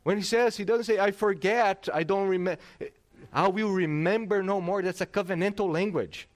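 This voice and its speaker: A middle-aged male pastor preaching a sermon, emphatic and animated, often restarting his words. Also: sits high, moderate pace.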